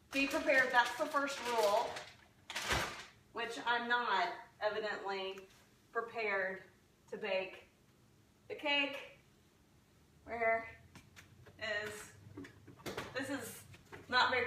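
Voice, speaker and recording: Bright-voiced woman joking through a kitchen vlog. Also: on the high side, a little hiss or hum. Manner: joking, rambling, self-mocking. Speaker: lifestyle blogger. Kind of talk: casual live-streamed baking vlog. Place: home kitchen. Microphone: phone camera. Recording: echoey kitchen on a phone.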